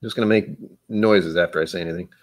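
A man's voice: low voice, steady tone, fast. A young man hosting a casual live-stream whiskey tasting, rambling playfully and breaking into silly noises and humming.

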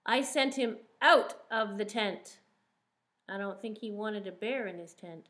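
Slow, sing-song teacher woman. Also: medium pitch. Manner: sing-song, stretches and stresses single words; gentle questions to the children. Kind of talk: reading a picture book aloud to young children.

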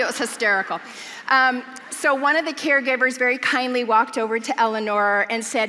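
A woman's voice: on the high side, a little fast, bright, forceful tone, slight background noise. A woman giving a sermon in a church, telling stories with humor and earnest conviction. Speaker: church speaker. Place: large church auditorium. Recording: long hall reverb from a church.

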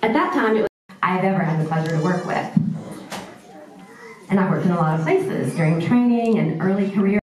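A woman's voice: on the low side, darkish tone, slight background noise. Earnest woman doctor speaking in an echoey hall. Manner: earnest, self-deprecating, halting. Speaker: doctor giving a speech. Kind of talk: public speech at an event. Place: large indoor event room. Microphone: far camera. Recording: echoey room from far off.

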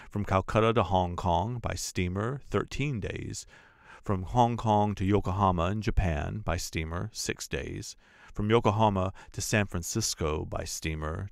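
A man voicing a confident gentleman reading out a travel estimate, measured and deliberate, in a deep gravelly voice. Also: dry recording, clean studio sound. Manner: measured, listing.

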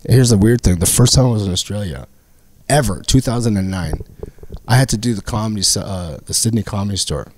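A middle-aged man from Canada, a comedian telling animated stories on a casual podcast and acting out the other people in them. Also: on the low side, a little fast. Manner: animated anecdotes with acted-out quotes. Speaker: guest comedian.

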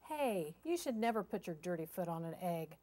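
A woman's voice: medium pitch, animated, brisk, a little mellow, pitched above the performer's own voice, natural voice. A woman voicing a fussy, bossy male duck in a storybook, scolding and huffy. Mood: indignant.

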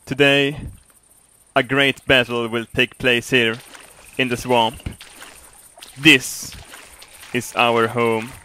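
A man voicing a pompous duck leader, giving a slow, solemn rally speech to his flock in a game. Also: medium pitch, level tone, sharp tone, slight background noise. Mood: rousing.

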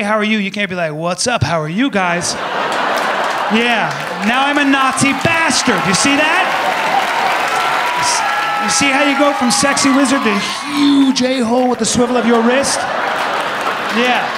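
Male stand-up comic, high-pitched and loud, working a noisy club crowd. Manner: loud, animated, jokey, acts out bits. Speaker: stand-up comedian. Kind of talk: stand-up comedy set. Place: comedy club before a live audience. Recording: live club recording with crowd laughter and noise. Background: audience laughing.

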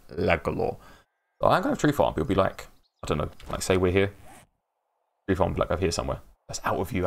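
A man's voice: low-pitched, gravelly, slight background noise. An English man hosting a casual live game stream, rambling, laughing often and greeting viewers in chat by name. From England. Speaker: livestream host.

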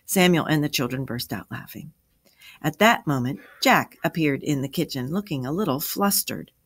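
A woman reading a story aloud for a children's lesson, with an expressive, clear delivery. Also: sits low, moderate pace, dry recording.

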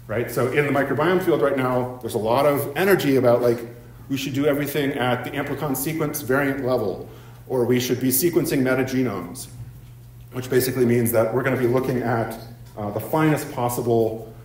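Medium in pitch and darkish in tone, a male professor lectures in a university seminar room. Ums and repeated "right?" checks run through his delivery, and the room's echo is clearly audible.

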